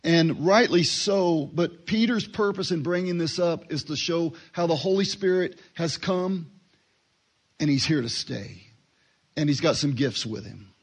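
A man giving a relaxed Bible teaching, talking conversationally and acting out short dialogues. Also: on the high side, unhurried, husky. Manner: conversational, acts out little dialogues, fillers.

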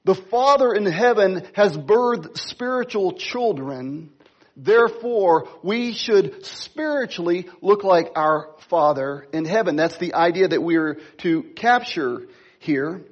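A middle-aged man preaching a sermon, stressing key words slowly and talking to the congregation in asides. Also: sits high, lively intonation, dull audio. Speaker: pastor.

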